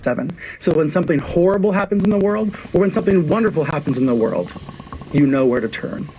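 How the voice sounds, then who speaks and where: A man speaks as a news anchor in a measured, rhetorical on-air monologue. His pitch sits a little high for a man, and his delivery is earnest. A faint ambient noise runs underneath. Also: animated, dark tone, rough recording.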